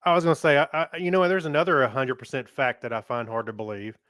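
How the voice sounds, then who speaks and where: A man's voice: medium pitch, steady tone, fast, a bit bright, no echo, clean studio sound. A man co-hosting a casual podcast, playful and teasing, laughing often. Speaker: podcast co-host. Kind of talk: casual chat.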